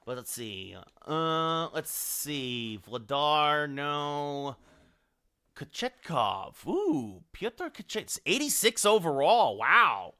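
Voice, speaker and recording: A male streamer with a bright, forceful voice that sits slightly high for a man. He thinks aloud as he scrolls, breaks off into asides to his viewers, and talks into a desk microphone at home. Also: big pitch swings, takes it slowly, clear, resonant tone. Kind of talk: live game-stream commentary.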